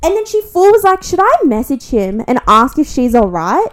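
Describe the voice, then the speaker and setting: Her voice sits high and moves at normal speed as this young Australian woman recounts gossip as a podcast co-host. She's animated, swears all the time, and performs everyone's lines.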